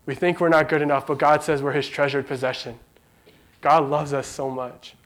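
Guy preaching a casual heartfelt sermon, kinda choked up, fighting tears, voice sits a bit high. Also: steady tone, moderate pace, fairly bright tone. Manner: earnest, conversational, emotional. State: holding back tears.

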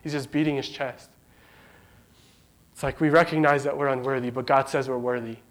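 A man's voice: medium pitch, fairly even intonation, normal speed. A man giving an earnest, conversational sermon, emotional and holding back tears. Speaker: preacher.

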